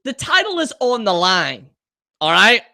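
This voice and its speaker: A man with a notably high, bright voice rants to his live-stream audience in exasperated disbelief. His delivery is slow and drawn out, and it swoops wildly up and down in pitch. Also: wildly swooping pitch. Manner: exasperated and incredulous. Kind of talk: ranting live-stream chat.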